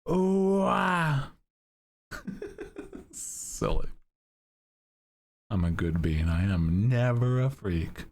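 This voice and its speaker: A young man streaming, chatting casually with his viewers in a deep monotone, laid-back and giggly as he reads chat. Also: slow, long pauses.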